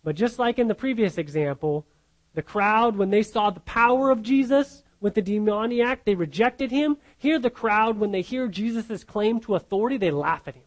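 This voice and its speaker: A man with a fairly high voice preaches a sermon, walking his listeners through a Bible passage. He teaches earnestly, repeats key phrases for emphasis and often checks in with "right?". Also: moderate pace, low-quality recording.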